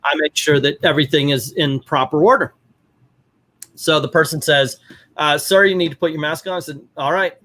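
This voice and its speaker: A middle-aged man hosting a casual chat, telling stories with lively acted-out quotes. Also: fairly high pitch, normal speed. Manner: animated storyteller, acts out quotes. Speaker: podcast host.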